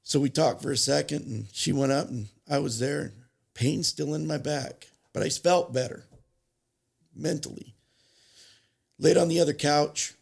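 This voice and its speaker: Gravelly raspy guy telling his recovery story on a podcast, lots of stops and restarts. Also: a little high. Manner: halting, restarts and self-corrections, emotional retelling. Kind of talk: personal storytelling.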